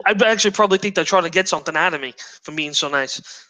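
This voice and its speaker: A man's voice: fairly high pitch, fast talker, sharp tone. A young man, a guest chatting casually, rambling and swearing freely. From New York. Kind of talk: casual chat.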